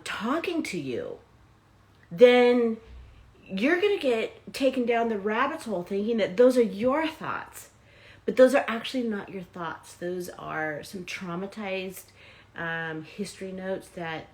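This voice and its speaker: A woman hosting a live motivational self-help talk, chatting directly with her viewers. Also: mid-range voice. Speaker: host and self-help coach.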